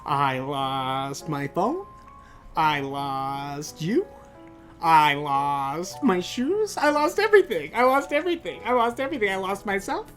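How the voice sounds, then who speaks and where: A man's voice: fairly high pitch, big pitch swings, fairly bright tone, soft background music, voice pushed down. A man doing a dazed, very drunk young woman. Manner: slow, slurred, dazed repetition. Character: very drunk young woman rambling about lost things.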